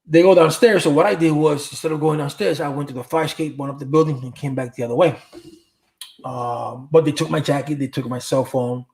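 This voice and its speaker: A man's voice: fairly high pitch, fairly even intonation, a little fast, vocal fry, a little mellow. A middle-aged man hosting a livestream, answering viewer comments and telling stories in a rambling, casual way, full of street slang and cursing. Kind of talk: casual storytelling chat.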